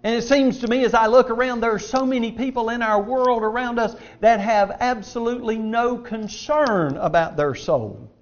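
A man's voice: very high-pitched, moderate pace, few pauses. A middle-aged man preaching an emphatic, earnest sermon, reading scripture aloud. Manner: earnest, emphatic preaching with varied loudness and pace. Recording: dull lo-fi sound.

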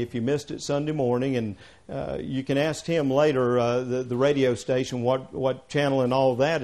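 A man preaching a sermon, talking in a conversational way and asking the congregation questions, swinging from quiet asides to emphatic passages. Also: medium pitch.

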